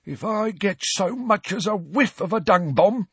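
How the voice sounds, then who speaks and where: A man voicing a wheezing, spiteful old male caretaker who talks in a shrill, hissing way. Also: animated, unhurried, a bit bright, slightly rough, dry recording, heavily acted. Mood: threatening.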